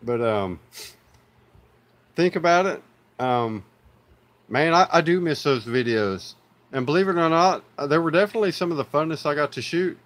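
A man's voice: on the high side, lively intonation, normal speed, pauses often, fairly bright tone. A man with an Oklahoma accent, hosting a live stream in a loose, rambling way, full of fillers and "y'all" to his viewers. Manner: laid-back, rambling with many fillers, calls viewers y'all. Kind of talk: casual live-stream chat.

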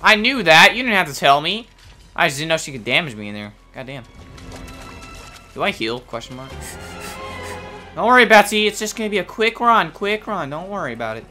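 A man's voice: a little high, very animated, brisk, sharp tone. A man giving casual, playful gameplay commentary, swearing and joking as he talks to the creatures on screen. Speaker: let's play gamer. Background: game music.

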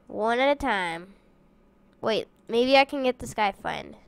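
A woman chatting playfully through a game with her siblings, excitable and prone to yelps and shouts. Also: a little high, unhurried, creaky, clear, resonant tone. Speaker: gamer playing with her siblings. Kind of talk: casual gameplay chat. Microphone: desk microphone.

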